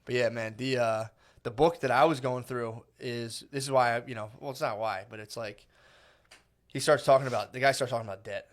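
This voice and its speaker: A man's voice: medium pitch, fairly even intonation, fairly quick. A man co-hosting a podcast in casual chat, laid-back, swearing and saying "dude" constantly. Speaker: podcast co-host.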